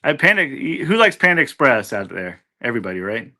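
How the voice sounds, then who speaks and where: A laid-back man co-hosting a podcast, hesitant and easily distracted. His voice is bright and forward, sitting at a middle pitch. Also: big pitch swings, brisk. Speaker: podcast co-host. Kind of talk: casual podcast chat.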